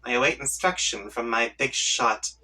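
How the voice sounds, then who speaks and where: A woman's voice: extremely low pitch, normal speed, pushed and bright, recorded from a distance, full character voice. A man reading a comic aloud, voicing a haughty, scheming young female troll who talks with smug taunts. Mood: taunting.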